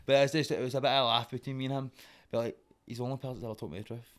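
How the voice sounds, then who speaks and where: A man's voice: mid-range voice, steady tone, rapid-fire. A young man with a Glaswegian accent, a guest in a casual podcast conversation, rambling and swearing as he talks. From Scotland.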